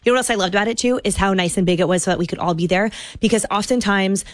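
An American woman TV host chatting casually, gushing and excitable, with lots of "like" fillers. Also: mid-range voice, very fast, no room sound, clean studio sound. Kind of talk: casual chat.

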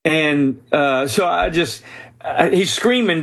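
A man's voice: on the high side, normal speed, a bit bright. A man telling a story as a guest in an interview, speaking earnestly and with animation, often restarting his sentences. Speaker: author and guest.

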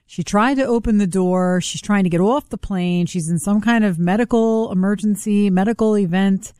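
A woman co-hosting a talk radio show, quick, playful and teasing in conversation, on a studio broadcast mic. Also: medium pitch, warm tone, clear, resonant tone, no echo. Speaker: radio show producer and co-host.

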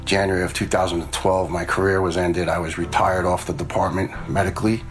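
Faint music runs behind a low, fairly quick male voice with little pitch movement. He is a retired fire lieutenant in his forties who tells stories casually and bluntly, often quoting his own lines.

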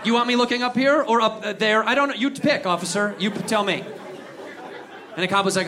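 Male stand-up comic, high voice, rowdy profane storyteller; live room with audience noise. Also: fast talker. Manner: loud, profane, animated storytelling with shouted bits. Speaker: stand-up comedian. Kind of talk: stand-up comedy. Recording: live club with crowd laughter and noise.

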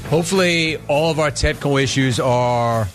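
A man on the radio telling a casual story, acting out the people in it with lively swings in his voice. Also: on the high side, moderate pace, over music. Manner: animated, acts out both sides of the story. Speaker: radio host.

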